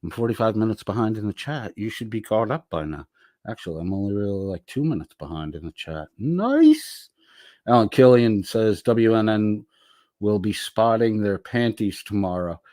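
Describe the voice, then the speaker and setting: A middle-aged man on the low side of the pitch range, with a darkish tone, reads viewers' chat during a casual stream and responds in a slow, swear-filled drawl. The studio sound is clean, with no room sound.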